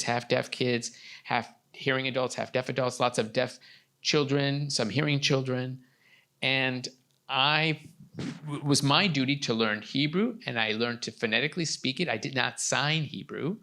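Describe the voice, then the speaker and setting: A man interpreting for a deaf guest in the first person on a live talk show, delivering his words in measured phrases. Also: mid-range voice, creaky, bright, forceful tone. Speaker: sign language interpreter voicing a deaf guest. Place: TV studio with a live audience.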